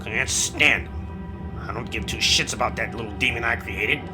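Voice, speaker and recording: Man playing a foul-mouthed male demon, loud, brash, swearing. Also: medium pitch, normal speed, faint music behind, pitched below the performer's own voice. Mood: urgent. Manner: loud, swearing, urgent warnings.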